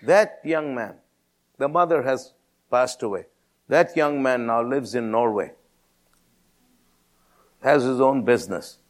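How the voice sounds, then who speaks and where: A pastor in his sixties telling a testimony in a sermon, animated, rising high when he quotes others. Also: slow, pauses often.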